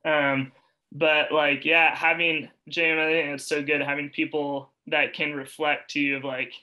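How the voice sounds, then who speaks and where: A man's voice: a little high, level tone, unhurried, bright, forceful tone, poor audio. A man in a casual chat who rambles in a self-deprecating way, with many fillers like "um" and "like.". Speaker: youth ministry podcast co-host.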